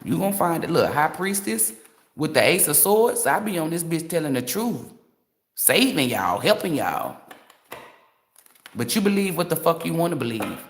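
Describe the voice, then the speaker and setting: A woman's voice: low-pitched, very animated, moderate pace. A woman tarot reader delivering a blunt, profane, emphatic rant on a livestream.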